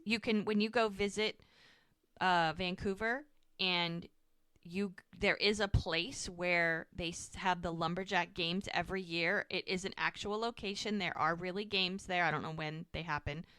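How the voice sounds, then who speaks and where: Female podcast co-host, chatty recapper, bright clear voice, dry close mic. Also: on the low side, dry recording. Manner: animated, quotes characters in quick bits, chatty asides. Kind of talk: casual chat, retelling scenes.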